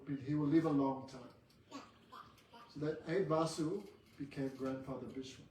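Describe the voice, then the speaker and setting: Casting note: male class teacher, chatty storyteller, slightly high voice, distant echoey room. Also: darkish tone, a little hiss or hum. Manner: chatty, joking asides to students. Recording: roomy hall from a distant mic.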